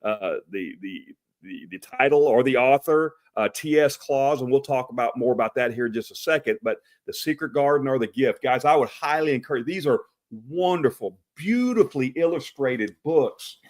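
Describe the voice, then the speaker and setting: A man's voice: medium pitch, expressive, moderate pace. A man with an East Texas accent hosting a live chat show, rambling with lots of fillers and restarts. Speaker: host.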